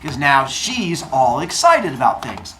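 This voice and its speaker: A man's voice: mid-range voice, huge pitch swings, a little slow, noisy background. A male teacher telling a myth to his class in a casual, jokey way, full of modern slang. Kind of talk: storytelling lesson to a class. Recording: echoey classroom.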